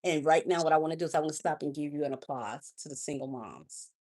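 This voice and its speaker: A woman coach speaking live to her audience in a preacherly, lively way. She calls people honey and baby, rising loud then dropping soft. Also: sits low, fast talker. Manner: animated, swings between loud and soft. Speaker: life coach hosting a livestream. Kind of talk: live motivational talk.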